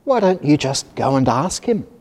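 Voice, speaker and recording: A man voicing a kind, gentle mother in a storybook reading, speaking calmly and soothingly. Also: a little high, moderate pace. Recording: reverberant hall.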